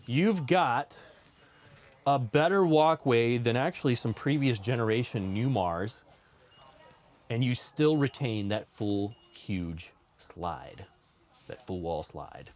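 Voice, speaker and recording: A young man presenting a casual, enthusiastic walkthrough tour of a motorhome, chatty and now and then dropping to a soft, low voice. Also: animated, slow. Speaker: RV dealer presenter.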